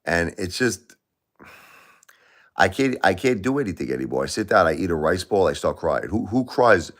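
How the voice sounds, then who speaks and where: Middle-aged male streamer, low voice, grieving and repetitive, speaks straight to viewers. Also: very animated, normal speed. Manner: grieving, repeats himself, emotional swings. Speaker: livestream host. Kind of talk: emotional livestream talk to viewers.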